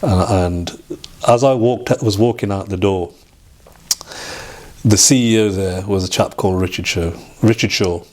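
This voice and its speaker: A middle-aged man with a somewhat low voice tells a personal story as an interview guest. He speaks haltingly, restarting phrases and acting out the things people said to him. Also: darkish tone. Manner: halting, with restarts and acted-out quoted dialogue.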